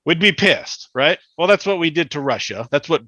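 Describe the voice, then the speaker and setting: A blunt, rambling man in his thirties co-hosts a casual podcast. His voice is bright and forceful, recorded dry and a little dull. He tells stories with frequent restarts. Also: on the high side, animated, moderate pace, dry recording. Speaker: podcast co-host. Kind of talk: casual chat.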